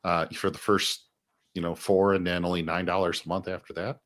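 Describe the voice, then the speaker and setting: Low-voiced male co-host, relaxed and wry, livestream chat. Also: fairly quick. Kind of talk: livestream watch-party commentary.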